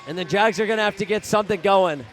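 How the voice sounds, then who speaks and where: High, shouty young male commentator. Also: quick pace, a faint crowd. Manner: excitable, often shouting in outrage at the referees. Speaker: student play-by-play commentator. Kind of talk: live basketball commentary. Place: high school gym.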